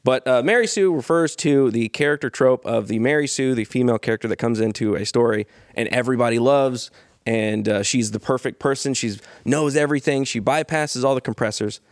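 A man's voice: medium pitch, a little fast, no echo, studio quality. A man hosting a podcast in casual chat, rambling and chatty with plenty of filler sounds. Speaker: podcast host.

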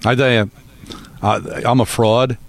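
A man's voice: medium pitch, fairly even intonation, unhurried, vocal fry, no echo. A man co-hosting a radio show, talking in a sheepish, confessional, self-deprecating way. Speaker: radio co-host. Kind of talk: casual radio banter.

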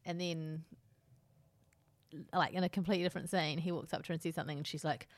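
A woman's voice: deep voice, steady tone, fast, no room sound. A woman co-hosting a casual podcast chat, wry and chatty, laughing often. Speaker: podcast co-host. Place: dining room.

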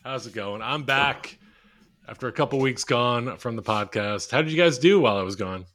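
A man's voice: medium pitch, moderate pace, a bit bright, a little hiss or hum. A young man co-hosting a comedy podcast, trading jokes in a dry, offhand way. His voice sits mid-range. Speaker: podcast co-host. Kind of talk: casual comedic banter.

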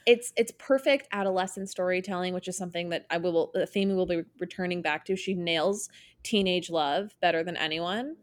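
A woman's voice: fairly low pitch, fairly quick. A young woman hosting a podcast, chatting casually and enthusiastically, often correcting herself mid-sentence. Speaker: podcast host. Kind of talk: casual chat.

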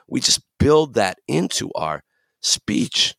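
A man's voice: medium pitch, big pitch swings, unhurried, creaky, a bit bright, slightly rough, no echo, clean studio sound. A man hosting a podcast, talking earnestly and emphatically and acting out the voices he quotes. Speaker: podcast host. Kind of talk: reflective podcast talk.

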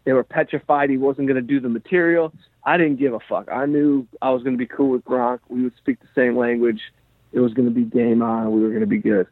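A male comedian and podcast host telling a story in a rambling, animated way, full of "like" and "you know". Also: mid-range voice, brisk, no room sound. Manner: rambling, animated, heavy use of "like". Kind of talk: casual storytelling chat. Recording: dry tinny phone-like sound.

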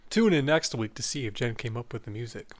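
A man's voice: medium pitch, lively intonation, quick pace. A man hosting a podcast in casual, playful chat with friends. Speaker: podcast host.

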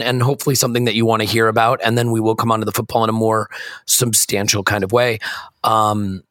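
A man hosting a sports podcast with a hoarse, croaky voice, chatting casually and self-deprecatingly from a hotel room. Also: medium pitch, a bit bright, dry recording, clean studio sound. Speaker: podcast host. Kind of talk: casual chat.

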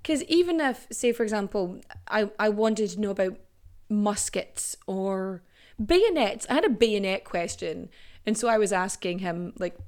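A woman's voice: medium pitch, animated, measured pace, a little mellow. A young woman hosting a solo podcast, chatty and jokey, swearing freely and breaking into playful asides. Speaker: podcast host. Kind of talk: casual solo podcast monologue.

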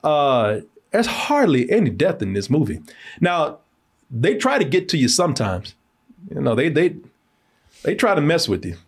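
A man hosting a podcast, reviewing a movie in slangy, animated, laughing casual chat. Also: a little high, normal speed, breathy edge.

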